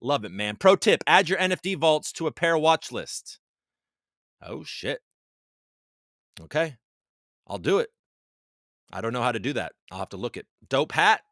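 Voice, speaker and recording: Bright-voiced chatty livestream host man. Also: medium pitch, sing-song, normal speed, long pauses, no echo, studio quality. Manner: loose, chatty and swearing, with laughs and shout-outs. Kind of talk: casual livestream chat, reading out viewer comments. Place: home basement.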